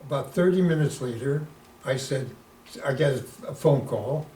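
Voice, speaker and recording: A man in his nineties, a retired rabbi, telling lively anecdotes in an interview and dropping in Yiddish words. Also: medium pitch, moderate pace. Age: 90s. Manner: lively storyteller who sprinkles in Yiddish words. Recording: echoey room, distant mic, faint noise.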